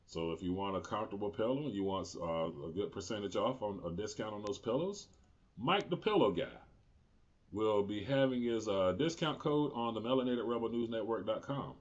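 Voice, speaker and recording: A man's voice: on the low side, expressive, fairly quick, dull audio. A man in his forties hosting his own political commentary show, talking unscripted, heated and profane, often rising into indignant outbursts. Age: 40s.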